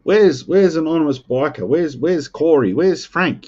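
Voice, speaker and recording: A man's voice: fairly high pitch, expressive, measured pace, hardly any pauses, darkish tone, highs cut off. An Australian man chatting casually with viewers on a live stream, joking and playfully defending himself. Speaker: livestream host.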